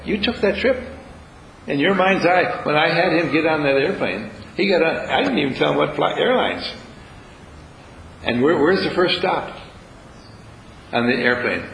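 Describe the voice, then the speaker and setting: A man's voice: fairly high pitch, vocal fry, a bit bright, echoey room, a little hiss or hum, low-quality recording. A man leading a spiritual retreat, talking live to a room audience in a playful, teasing way. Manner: playful, teasing, acts out little scenes with voices.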